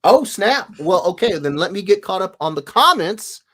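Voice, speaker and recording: A man's voice: high voice, expressive, a little fast, few pauses, fairly bright tone. A man hosting a casual livestream, animatedly reading viewer comments aloud with sing-song greetings. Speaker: livestream host, illustrator.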